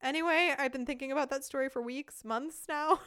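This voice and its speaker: A woman's voice: sits high, fairly quick, no room sound, clean studio sound. A woman in her thirties from the United States, a podcast guest telling a casual anecdote with frequent laughter. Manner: lively storyteller, laughs often.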